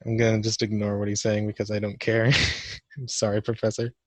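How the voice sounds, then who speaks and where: A man's voice: on the low side, completely flat delivery, a little fast, darkish tone, dry recording. A young man giving casual let's-play commentary for a class vlog, awkward and joking at his own expense. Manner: awkward, self-mocking joking. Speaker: gamer doing a class vlog.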